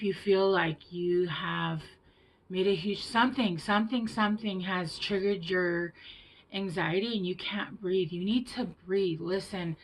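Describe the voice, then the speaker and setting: A woman giving a tarot reading to her viewers, gentle and reassuring, with hushed whispered asides. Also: medium pitch, rough recording. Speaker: tarot reader.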